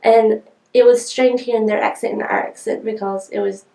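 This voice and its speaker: A woman's voice: fairly high pitch, steady tone, moderate pace, vocal fry, warm tone, reverberant, distant mic, rough recording. A young woman from rural North Carolina with a local accent, chatting and telling a story. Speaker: interviewee.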